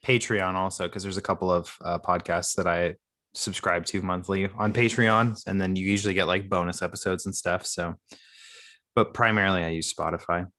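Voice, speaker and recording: A man's voice: low voice, normal speed, no room sound, clean studio sound. A man co-hosting a podcast in casual chat, explaining things at length with an easy, playful manner. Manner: relaxed, explains at length, playful mock accents. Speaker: podcast co-host.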